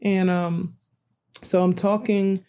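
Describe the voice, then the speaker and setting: Older host, mellow voice, rambling and animated. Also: female voice, mid-range voice, takes it slowly, clean tone. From New Jersey. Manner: rambling, animated, self-correcting. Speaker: podcast host. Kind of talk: casual storytelling monologue.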